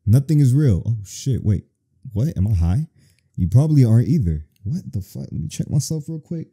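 A man's voice: medium pitch, big pitch swings, moderate pace, dark tone, breathy edge. A man playing a horror game on video, reacting with crude, profane jokes. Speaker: gaming video host. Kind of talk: let's play commentary.

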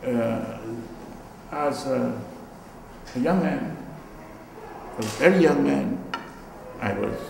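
A man's voice: mid-range voice, creaky, echoey room, in a large hall, background noise. An older man with a Guyanese accent, an artist giving a reflective, storytelling talk about his work in a gallery. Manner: reflective, storytelling, trailing asides.

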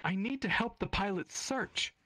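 Guy voicing a scared crying little girl, way up high, quivery, story game. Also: moderate pace, pushed and bright. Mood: pleading, fearful. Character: frightened little girl, tearful and stubborn.

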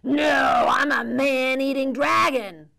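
A woman voicing a man-eating dragon who shouts. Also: high-pitched, steady tone, slow, creaky, heavily acted. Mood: fierce.

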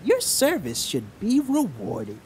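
A man doing a cheerful, earnest young boy from a storybook, pitched up and pleading. The delivery is slow and swings widely in pitch. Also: wildly swooping pitch, a little mellow, a little hiss or hum, full character voice.

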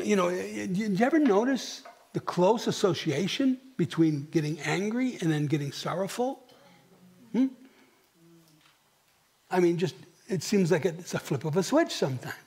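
A middle-aged male pastor preaching a sermon, swinging from near whispers to emphatic questions and clearing his throat often. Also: high-pitched, lively intonation, moderate pace, pauses often, a little mellow. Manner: dramatic, dropping to near whispers and rising for emphasis; asks the congregation rhetorical questions. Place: church.

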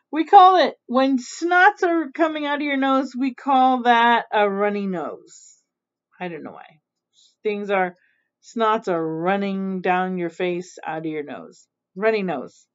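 A woman's voice: medium pitch, slow pace, pauses often. A woman reading a picture book aloud in a casual way, often stopping to explain things. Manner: chatty, stops to explain and laugh. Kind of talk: casual read-aloud storytelling. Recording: dull lo-fi recording.

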